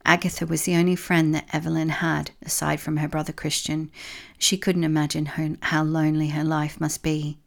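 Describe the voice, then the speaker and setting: Female storybook narrator, low and gravelly, steady unhurried read. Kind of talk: storybook reading.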